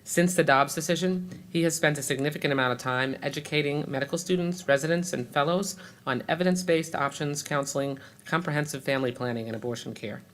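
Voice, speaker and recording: A man moderating a hearing, reading out witness introductions in a measured way, with hesitant fillers when he strays from the script. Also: on the high side, fairly bright tone. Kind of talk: formal reading of speaker introductions.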